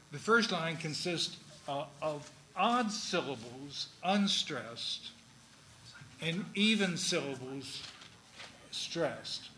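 A man teaching a class on verse and syllables, speaking slowly and deliberately with many pauses. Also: a little high, pushed and bright, roomy sound, a little hiss or hum, poor audio.

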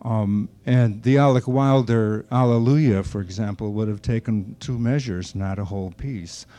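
A man's voice: fairly low pitch, a little slow, mellow. An older man being interviewed, telling anecdotes about an old friend and acting out the remarks he quotes. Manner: anecdotal storyteller who acts out quoted remarks. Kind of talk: reminiscing conversation.

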